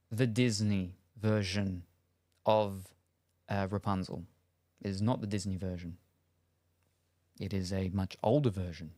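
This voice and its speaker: A man's voice: on the low side, steady tone, takes it slowly, long pauses, darkish tone, no room sound, clean studio sound. A young man live-streaming from home, chatting casually and playfully, reading out viewer names and messages with many fillers. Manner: rambling, playful, reads chat messages aloud.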